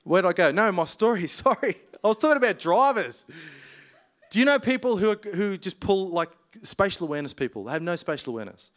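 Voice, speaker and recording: High-voiced preacher, chatty and laughing. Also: male voice, very animated, fairly quick. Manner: chatty, laughs often, colloquial. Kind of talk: casual storytelling sermon.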